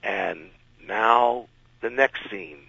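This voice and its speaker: A man telling an anecdote as a radio interview guest, animated and acting out the people in his story. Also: fairly low pitch, drawn-out words, gravelly, husky, no room sound. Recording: dull lo-fi radio recording.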